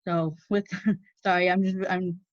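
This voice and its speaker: A woman with a somewhat low voice hosts an online meeting. She speaks in an earnest, emotional way. The audio is dry and lo-fi. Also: fairly even intonation, unhurried, no echo. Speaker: meeting host.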